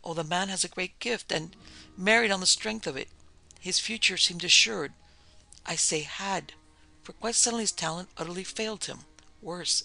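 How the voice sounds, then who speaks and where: A woman's voice: lowish voice, vocal fry, bright, forceful tone, exaggerated voice. A man voicing an earnest, anxious Swedish lady in a classic ghost story reading, who speaks hesitantly and searches for her words.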